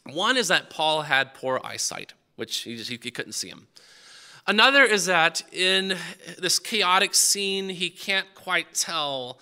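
A man's voice: fairly high pitch, lively intonation, a little slow, sharp tone, clear, resonant tone. A man preaching a sermon on a Bible passage in a conversational way, often stumbling over his words and restarting. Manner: conversational, frequent stammered restarts.

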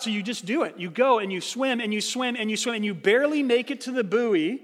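A man's voice: extremely high pitch, a little fast, big-room sound. A male pastor giving a sermon, telling an illustration with acted-out quotes and explaining it earnestly.

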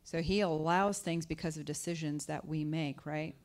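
A woman's voice: steady tone, moderate pace, a little mellow. A woman preaching a conversational sermon, asking the listeners questions and acting out scripture voices. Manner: conversational, asks the audience questions; acts out scripture voices with pitch jumps. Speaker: guest speaker.

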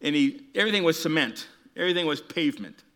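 An animated male preacher from Canada tells a childhood story, acting out voices and dropping to a whisper for emphasis. His voice sits a bit high and bright. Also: fast talker. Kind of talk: sermon with a told childhood story.

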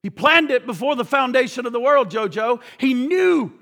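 Male preacher, passionate shouter, bright voice, long hall echo. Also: very high-pitched, animated, moderate pace. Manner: impassioned, swings between shouting and hushed. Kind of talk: sermon.

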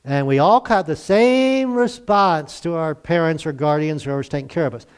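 Man preaching a relaxed sermon. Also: a little high, moderate pace, clear, resonant tone. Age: older. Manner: conversational, asks the congregation to respond. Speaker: pastor. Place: church service.

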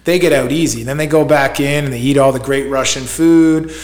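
A man tells a long, loose story as a podcast guest, piling up filler words as he goes. His voice sits at an ordinary middle pitch. The recording carries a noticeable roomy echo. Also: fairly quick. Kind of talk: casual chat.

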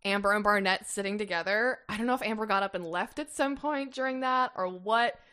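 A woman's voice: mid-range voice, fairly quick, sharp tone, smooth. A woman co-hosting a casual podcast, animatedly retelling reality TV scenes with frequent swearing and laughter. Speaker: podcast co-host. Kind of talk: casual chat.

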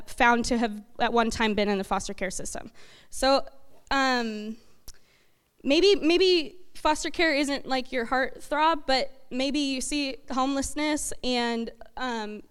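A woman giving a talk to her church congregation, halting and full of fillers. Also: sits high, a bit bright, clean tone. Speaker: church speaker. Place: church hall. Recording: echoey hall reverb.

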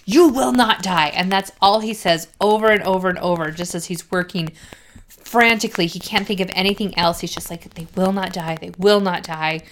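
A woman co-hosting a casual podcast, recapping a book and quoting the characters in a relaxed, chatty way. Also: lowish voice, a little fast, slight background noise, rough recording. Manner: relaxed, quotes characters, guesses at theories.

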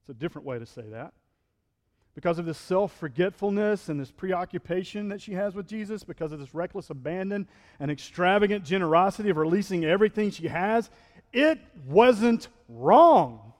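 A man's voice: high-pitched, animated, normal speed, big-room sound. A male pastor preaching a sermon in a conversational style, acting out quotes and building to fervent peaks.

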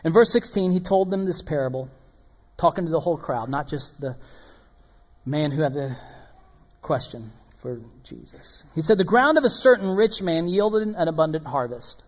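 A man preaching a sermon as pastor, animated and swinging between loud emphasis and hushed asides. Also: a little high, moderate pace. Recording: long hall reverb.

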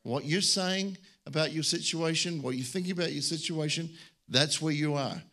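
A man preaching a lively, joking sermon, his voice sitting fairly high for a man. He tells his stories animatedly and stumbles over restarts as he goes. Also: normal speed.

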